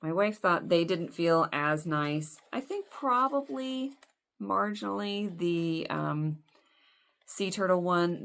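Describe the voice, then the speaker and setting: A woman in her forties chatting casually as she unboxes doll clothes, rambling and self-deprecating. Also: low-pitched. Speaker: doll collector vlogger.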